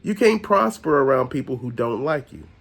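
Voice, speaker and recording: Animated, blunt ranting man. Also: mid-range voice, moderate pace, gravelly. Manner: blunt, profane, preachy. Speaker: host. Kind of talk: ranting monologue.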